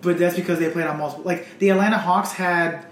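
A man's voice: sits high, steady tone, fast. A man co-hosting a podcast in casual chat, opinionated and swearing often. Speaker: podcast co-host. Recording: echoey room, faint noise.

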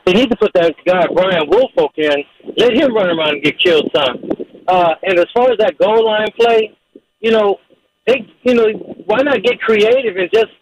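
A man's voice: high voice, muffled recording. A man calling in to a sports radio show, giving rambling, opinionated takes on the team. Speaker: caller. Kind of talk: call-in radio.

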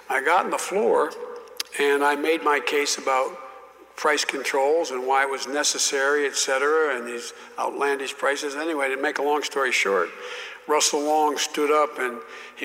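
An older man, a former senator, telling an anecdote in a halting, emphatic way, full of restarts. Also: medium pitch, fairly even intonation, pushed and bright, long reverb tail, poor audio. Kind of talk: anecdotal talk.

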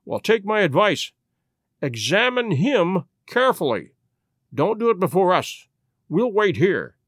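A man reading a story aloud and voicing an eager detective who gives brisk, commanding orders. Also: high voice, very animated, fairly bright tone, dry recording, studio quality, exaggerated voice. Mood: urgent. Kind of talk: audiobook reading.

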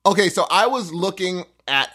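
A man's voice: high voice, lively intonation, normal speed, pushed and bright. A man co-hosting a podcast, telling a story in casual chat and acting out other people's lines. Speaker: podcast co-host.

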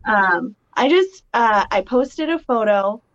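A woman's voice: a little high, animated, slight background noise. Giggly woman on dull lo-fi audio. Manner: giggly, halting with fillers. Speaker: podcast co-host. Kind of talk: casual live podcast chat.

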